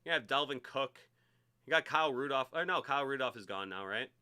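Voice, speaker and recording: A man hosting a live-streamed sports card break, chatty and excitable as he hypes each card he pulls. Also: mid-range voice, quick pace, smooth.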